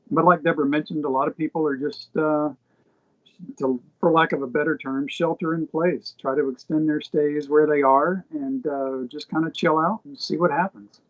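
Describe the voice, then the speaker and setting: Guest, man, relaxed and halting, fairly high voice, muffled lo-fi call audio. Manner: easygoing, halting with fillers. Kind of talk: casual video-call chat.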